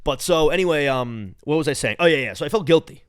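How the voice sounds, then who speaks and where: A man's voice: a little high, lively intonation, quick pace, clear, resonant tone, dry recording, clean studio sound. Profane, rambling New York guy. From New York, Long Island. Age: late 20s. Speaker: podcast host. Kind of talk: casual solo podcast rant.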